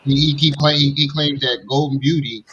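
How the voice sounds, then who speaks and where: Male stream host, crisp bright tone, casual chatter, muffled lo-fi recording. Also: a little high, steady tone, normal speed, slight background noise. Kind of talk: hosting a livestream commentary show.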